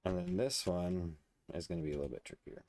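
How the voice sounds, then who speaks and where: Let's play host, male, low and gravelly, half to himself, relaxed commentary. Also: quick pace. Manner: muttering, thinking aloud while building. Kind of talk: casual gameplay commentary.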